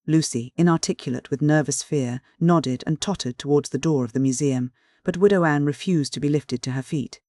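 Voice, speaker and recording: A man narrating a classic mystery audiobook in a measured, clear reading. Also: medium pitch, a little mellow, no room sound, studio quality. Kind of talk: scripted literary narration.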